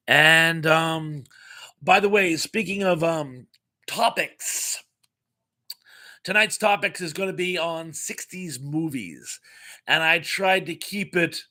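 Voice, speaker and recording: A man's voice: a little high, pushed and bright. A middle-aged American man hosting a casual live stream, chatty and jokey, reading viewers' comments aloud and laughing often.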